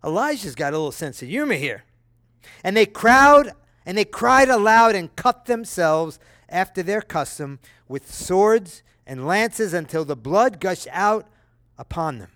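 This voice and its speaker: A preacher delivers a sermon in a noticeably high voice, unhurried, reading scripture with dramatic flair and giving quoted speech a lively reading. He breaks in with casual, conversational asides to check in with listeners. The sound is dry and close, with no room echo.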